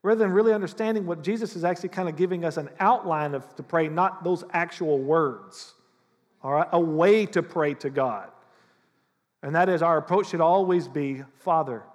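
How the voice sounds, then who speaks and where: A man preaching a sermon as pastor, animated and conversational, often acting out how people pray. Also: on the high side, moderate pace, in a large hall. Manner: animated, acts out prayers in mock voices.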